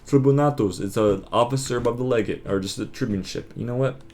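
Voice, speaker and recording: A man quizzing himself on word cards, muttering terse answers and quick verdicts of right or wrong. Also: medium pitch, fairly even intonation. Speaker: vlogger drilling vocabulary.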